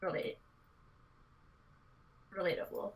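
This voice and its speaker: A woman's voice: slow pace, poor audio. A woman friend on a live stream making laid-back small talk about the games she plays. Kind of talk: casual chat.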